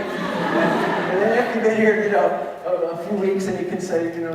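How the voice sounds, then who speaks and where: A man's voice: high voice, quick pace. A man, a university teacher, telling funny stories to an audience in a chatty way, with many fillers and restarts. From United States. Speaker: university teacher giving a talk. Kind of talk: humorous anecdotal storytelling. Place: large lecture hall or auditorium. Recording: echoey hall, distant mic, faint noise.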